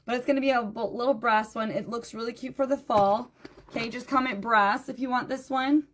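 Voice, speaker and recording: A woman with a fairly high voice runs a live-stream jewelry sale, chatty and friendly with her viewers. She sounds tired and low on energy, greeting people by name and repeating item numbers again and again. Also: fairly even intonation, a little fast, a little hiss or hum. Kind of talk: live-stream sales chat.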